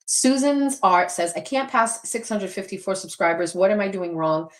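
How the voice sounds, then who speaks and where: A woman's voice: medium pitch, expressive, normal speed. A middle-aged woman hosting a livestream, chatting candidly, swearing freely and reading viewer comments aloud. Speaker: livestream host. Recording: roomy echo.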